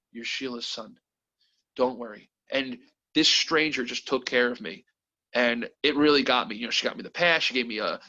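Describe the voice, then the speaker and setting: Brief: bright-voiced man, candid and animated storyteller, lo-fi video call. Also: medium pitch. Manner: animated, emotional, quotes others with voices. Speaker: company president, guest.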